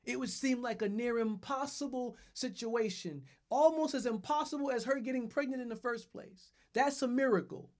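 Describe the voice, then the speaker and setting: A man's voice: very high-pitched, normal speed, few pauses. A man preaching a sermon and leading his listeners through repeated phrases with strong emphasis on each word. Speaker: pastor.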